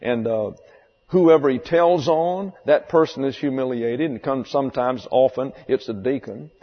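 A pastor giving a conversational sermon, repeating key phrases for emphasis. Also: male voice, medium pitch, unhurried. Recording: dull lo-fi sound with long hall reverb.

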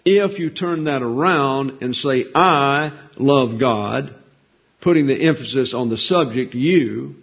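A preacher gives a sermon in a plain, folksy teaching style, often asking his listeners questions and answering them himself. His slightly husky, middle-pitched voice moves at normal speed with hardly any pauses, and the recording sounds dull and lo-fi.

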